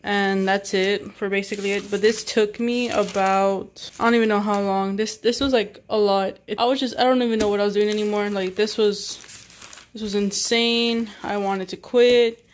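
A woman's voice: medium pitch, fairly even intonation, moderate pace, slight background noise. A young adult woman vlogging in a casual, rambling way, exasperated and full of "like". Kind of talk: casual vlog chat.

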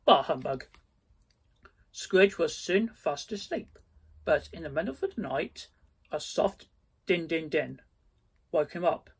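Man reading aloud, husky voice, very slow, careful, small stumbles. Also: a little high, expressive. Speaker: storyteller.

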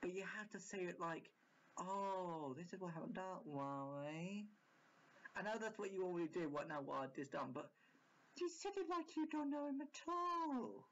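A man hosting reaction commentary, rambling and exasperated, with plenty of restarts. His pitch swings widely from phrase to phrase. The recording is dull and lo-fi. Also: sing-song, brisk, fairly bright tone. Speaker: reaction channel host.

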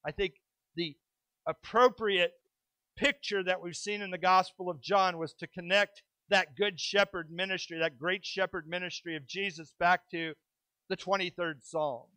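Bright, high-voiced preaching man. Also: fairly even intonation, no echo. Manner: emphatic preaching, stretching key words with pauses; drops into quick asides and self-deprecating humor. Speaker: pastor. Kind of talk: sermon.

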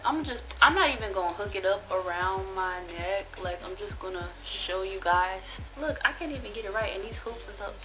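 A woman's voice: mid-range voice, lively intonation, normal speed, hardly any pauses, low-quality recording. A young woman, chatting casually and bluntly, with plenty of profanity, while she reviews a haul of cheap jewelry. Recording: music playing behind the voice.

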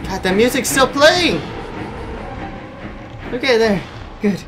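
Jokey game commentator, very lively pitch. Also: male voice, takes it slowly, faint music behind. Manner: jokey, yelps and shrieks when scared; chatty, talks to game characters. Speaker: gameplay commentator. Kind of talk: horror game let's play commentary. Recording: noisy home recording.

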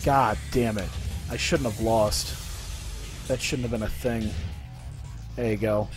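A man's voice: fairly low pitch, steady tone, slow pace, over music. A man streaming a wrestling video game, giving live commentary full of swearing and exasperated rants at the game. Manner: profane, exasperated ranting at the game.

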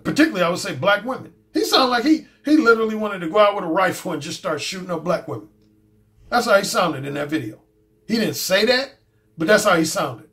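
A man's voice: high-pitched, animated, fast talker, a bit bright. A man hosting his own channel, giving a casual, blunt and profane commentary monologue and repeating his points. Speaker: dating coach and YouTube host.

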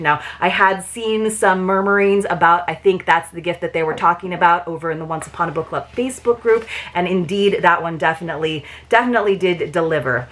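A woman's voice: fairly low pitch, a bit bright. Chatty woman unboxing a book box. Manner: chatty, with fillers and repeated words. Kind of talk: casual unboxing chat.

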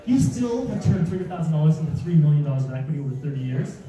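High-voiced man presenting in an echoey hall. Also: racing. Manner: animated, rhetorical questions, mock panic. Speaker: real estate investing speaker. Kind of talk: seminar presentation with slides. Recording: echoey room, distant mic, audience.

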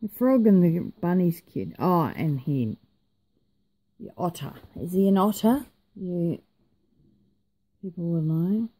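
A woman's voice: fairly low pitch, animated, takes it slowly, pauses often, dark tone, breathy edge. A tired woman vlogger in casual, rambling chat, joking at her own expense and yawning now and then. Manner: chatty, rambling, self-mocking.

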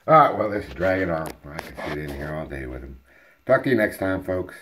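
A man's voice: low-pitched, very animated, fairly quick, background noise. A man breeding dogs, talking casually to puppies on a home video and cooing at them playfully, sometimes in a whisper. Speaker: dog breeder. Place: indoor room at home.

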